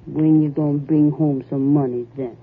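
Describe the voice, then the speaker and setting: An actress playing a coarse, bossy young wife, in an old-time radio drama. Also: female voice, sits low, steady tone, moderate pace, husky. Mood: hard, bossy. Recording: tinny old radio broadcast.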